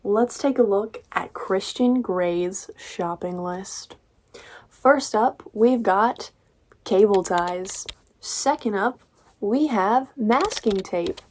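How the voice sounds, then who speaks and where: A young woman talks through a book review vlog in a casual, ranting manner. She sounds exasperated and sarcastic, swears freely, and her voice sits at an ordinary middle pitch. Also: takes it slowly, a little mellow.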